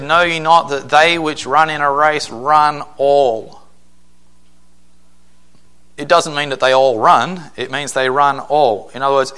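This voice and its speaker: Emphatic, bright-voiced preacher man. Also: mid-range voice, smooth. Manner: emphatic preaching with acted-out quotes. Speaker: pastor. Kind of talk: sermon.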